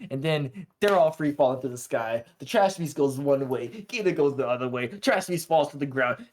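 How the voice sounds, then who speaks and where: A man co-hosting a podcast, casually recapping an anime episode in loose, slangy storytelling and briefly acting out the characters' lines. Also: mid-range voice. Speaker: podcast co-host.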